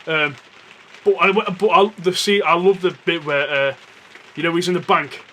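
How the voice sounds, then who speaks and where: A man with a high voice chats enthusiastically on a podcast, often restarting his sentences. Rain patters faintly in the background. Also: normal speed, a bit bright, a little hiss or hum. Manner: enthusiastic, stumbling over words. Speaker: podcast co-host. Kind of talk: casual chat. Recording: rain on the roof faintly behind.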